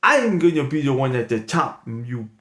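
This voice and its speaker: A man's voice: mid-range voice, big pitch swings, normal speed, pitched below the performer's own voice, close to an everyday voice. A brash young lone wolf boasts and picks fights, as a man puts him on. His talk is cocky and combative. It is recorded in an echoey room with background noise.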